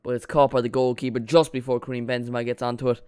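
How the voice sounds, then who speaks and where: A man streaming a live watchalong, giving casual, excitable play-by-play and chatting with his viewers, joking at his own expense. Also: medium pitch, quick pace, clear, resonant tone, no room sound, clean studio sound. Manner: chatty and excitable, jokes about himself.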